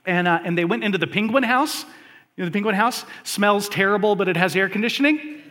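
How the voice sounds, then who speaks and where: A man preaching a sermon, speaking to his congregation conversationally, with lots of fillers and animated asides. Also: high voice, fast, in a large hall. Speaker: pastor.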